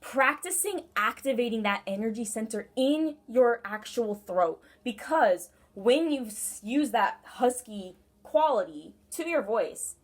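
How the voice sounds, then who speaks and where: A woman's voice: a little high, expressive, measured pace, hardly any pauses. Earnest woman with a pinched, brassy tone. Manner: earnest, encouraging, rambling with many asides. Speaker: tarot reader. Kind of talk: casual spoken tarot reading.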